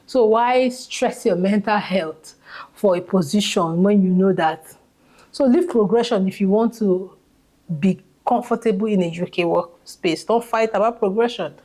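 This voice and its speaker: A woman's voice: mid-range voice, a little slow, dark tone. A woman with a Nigerian accent giving advice in a casual vlog, emphatic and repeating key phrases for stress. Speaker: vlogger.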